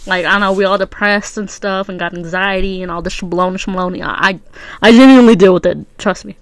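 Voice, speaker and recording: A woman's voice: mid-range voice, fairly even intonation, fast talker, no echo. A young adult woman with a stuffy nose, hosting a rambling, slang-heavy solo podcast. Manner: slangy and rambling, many fillers. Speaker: podcast host. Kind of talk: casual solo podcast chat.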